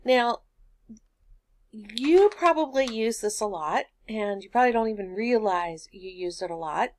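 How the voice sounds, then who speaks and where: A woman's voice: medium pitch, lively intonation, measured pace. A woman teaching a recorded grammar lesson, patiently explaining step by step with everyday examples.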